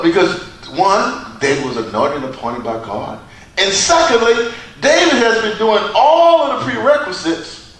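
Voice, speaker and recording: A man preaching a sermon in a church, with a preacher's cadence, dramatic pauses and repeated phrases. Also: high-pitched, a bit bright. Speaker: pastor. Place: church sanctuary. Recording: echoey church from far off.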